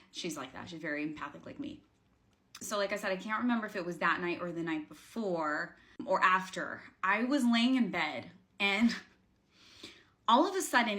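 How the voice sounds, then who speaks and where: A woman's voice: lowish voice, pushed and bright. A woman coaching viewers in a casual, rambling vlog, speaking earnestly with lots of fillers and restarts. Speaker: spiritual coach. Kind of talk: casual talking-to-camera vlog.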